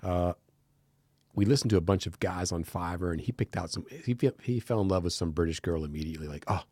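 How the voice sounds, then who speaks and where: An American man with a deep, low-pitched voice chats as a guest in a podcast studio. He tells stories animatedly and slips into quoted voices as he goes. The sound is dry and close, with no room around it. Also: quick pace, darkish tone, dry recording. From United States. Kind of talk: casual interview chat.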